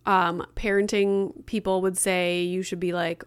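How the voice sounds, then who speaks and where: A woman's voice: mid-range voice, unhurried, clear, resonant tone, no room sound. A woman in her thirties hosting a solo podcast, telling a story in a chatty way with many "like" fillers. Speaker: podcast host.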